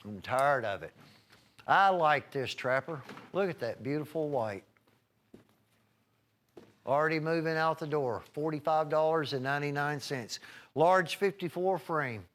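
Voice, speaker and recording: A man's voice: a little high, expressive, unhurried, long pauses, a bit bright. Folksy rambling shopping-channel man. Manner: folksy, rambling, reels off prices and item numbers. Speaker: home shopping host. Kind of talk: live televised sales pitch.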